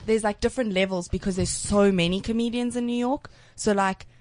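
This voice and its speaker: A woman's voice: mid-range voice, fairly even intonation, a little fast, darkish tone, no echo. A young woman from South Africa with a South African accent, a comedian telling rambling stories with lots of "like" in a casual studio chat. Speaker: comedian guest. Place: radio studio.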